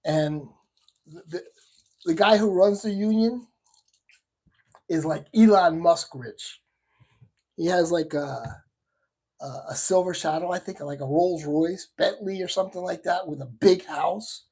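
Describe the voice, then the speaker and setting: Dark, husky man rambling on a livestream. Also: high voice, lively intonation, a little slow. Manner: rambling, with many restarts and asides. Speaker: shaving livestream host. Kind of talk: casual live chat.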